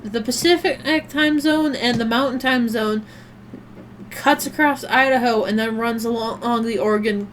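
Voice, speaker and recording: A woman's voice: on the high side, moderate pace, slight background noise. A woman streamer chatting casually while she plays a game, rambling and swearing offhandedly. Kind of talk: casual chat while gaming.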